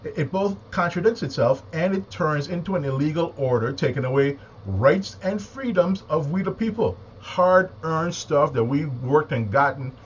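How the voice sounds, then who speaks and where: A man's voice: lively intonation, moderate pace, few pauses. Agitated male commentator, emphatic and repetitive, slightly muffled lo-fi audio. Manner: agitated, emphatic, repeats words and takes deep breaths. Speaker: political commentator. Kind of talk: impassioned monologue. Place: home, with a small AM radio nearby. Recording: slightly dull lo-fi recording with faint noise.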